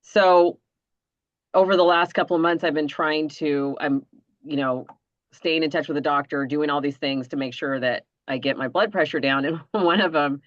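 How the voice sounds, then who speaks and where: A woman's voice: low-pitched, normal speed, no room sound. A woman, a podcast host and mother, talking in an earnest, rambling way full of fillers while close to tears. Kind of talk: casual conversation. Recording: dull lo-fi sound.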